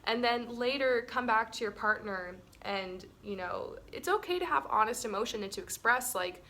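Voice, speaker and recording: This woman's fairly high, pushed and bright voice is expressive, moving at a moderate pace with few pauses. As co-host of a relationship webinar, she talks casually with her partner, laughs often, and leans on many "like" and "um" fillers.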